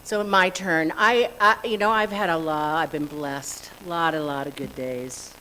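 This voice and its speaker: A woman's voice: low voice, a little slow, pushed and bright, slight background noise, rough recording. A woman speaking frankly and chattily at a church service, with mild swearing, sharing a casual personal reflection. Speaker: congregation member sharing a reflection.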